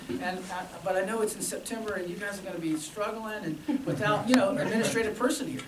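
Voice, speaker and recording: A man with a high-pitched voice speaks quickly with hardly any pauses over a noisy crowd. He's a band director chatting casually to alumni, telling stories full of quoted dialogue in an informal speech. The recording is echoey and distant, captured from far off in a room with noise.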